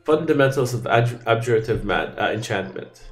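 A man's voice: mid-range voice, animated, a little fast, faint music behind. A man giving casual gameplay commentary, thinking aloud in an offhand way and often trailing off. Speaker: let's play gamer.

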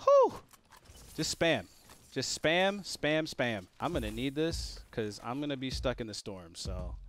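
A man commentating his own gameplay as a gaming YouTuber, excitable and full of joking trash talk. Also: mid-range voice, a little slow, a little hiss or hum.

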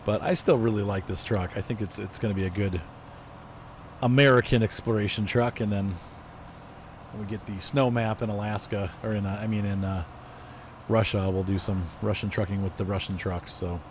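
A man's voice: fairly low pitch, steady tone, moderate pace, a little hiss or hum. A man with a congested, stuffy voice, chatting casually and thinking aloud as he streams a game. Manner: rambling, thinks aloud while driving, self-corrects. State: congested from allergies. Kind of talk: casual gameplay commentary.

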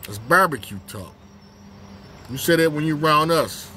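On a break at work, a man records his own casual commentary vlog, speaking bluntly and repeating points for emphasis. His voice is a little high, expressive, bright, and forceful, at a normal speed. There's slight background noise.

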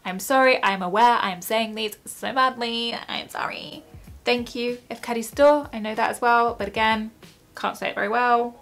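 A woman's voice: a little high, moderate pace, a bit bright. A young woman chatting casually at home for her vlog, giggly and self-mocking as she stumbles over words. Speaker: YouTuber.

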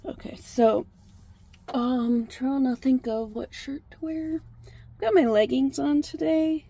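Slow, chatty woman vlogging. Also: high voice, steady tone, husky. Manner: chatty and rambling, talks softly to a duck. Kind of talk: casual vlog chat. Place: outdoors by a lake.

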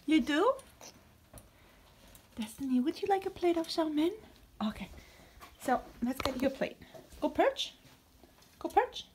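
A woman's voice: sits high, lively intonation, unhurried, long pauses, darkish tone, slight background noise. Sing-song woman coaxing her pet birds. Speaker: parrot owner and vlogger.

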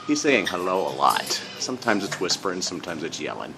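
A man's voice: sing-song, fairly quick, vocal fry, few pauses, pushed and bright, faint music behind. Man cooing at his parrot. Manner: high sing-song baby talk to the bird, low asides to viewers. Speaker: pet owner filming his parrot. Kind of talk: casual home video talk to a pet. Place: home indoors. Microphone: handheld phone.

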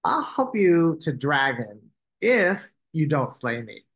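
Helpful knight, brisk, coaching tone, practical, storybook, man reading. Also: fairly high pitch, big pitch swings, a bit bright, full character voice.

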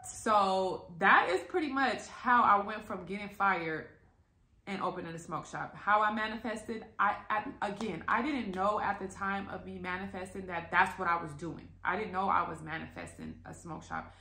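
A woman telling a story to her viewers in a casual, animated and profane way, acting out the quotes. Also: medium pitch, normal speed, a little hiss or hum. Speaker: vlogger. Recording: echoey room.

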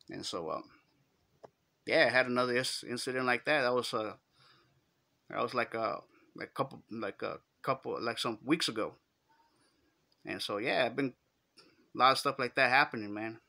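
Creaky, pushed, and bright, the medium-pitched voice belongs to a middle-aged man with a Chicano English accent from Los Angeles. He's telling a casual story using street slang and acting out the quotes.

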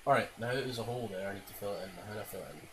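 A game commentator talks very fast in a lowish voice, giving rambling, self-mocking gameplay commentary with frequent swearing and silly noises. There is loud background noise in the recording.

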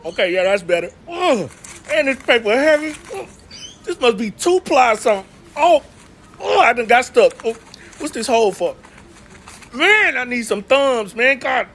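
A man's voice: very high-pitched, very animated, normal speed, a bit bright, a little hiss or hum, voice pushed up, full character voice. A man voicing a small male bird who struggles and grumbles while hauling toilet paper. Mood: straining. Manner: straining, complaining.

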